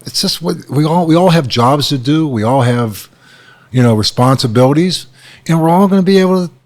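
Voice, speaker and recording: A man in his sixties, a guest at a bar, chatting casually and telling animated stories. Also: a little high, fairly quick. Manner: animated storyteller, acts out quotes. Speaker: guest, former head coach.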